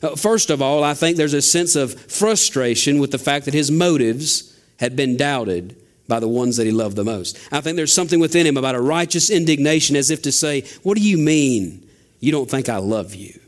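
Guy preaching a sermon, kinda higher voice, lots of rhetorical questions. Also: fairly quick. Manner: father. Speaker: pastor.

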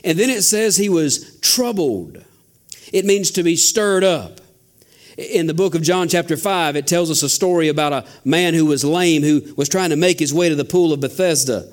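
A man's voice: on the high side, moderate pace. A man preaching a sermon as a pastor, asking rhetorical questions and building emphasis. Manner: father.

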